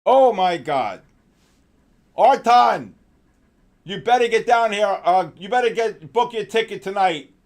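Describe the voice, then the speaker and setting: A male trading show host giving excitable live market commentary, exclaiming and calling out viewers by name. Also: high voice, normal speed.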